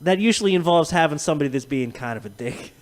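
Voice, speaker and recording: A man's voice: on the high side, quick pace. A man co-hosting a podcast, telling rambling, profane stories in casual chat. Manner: profane, rambling, animated storytelling with laughs. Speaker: podcast co-host.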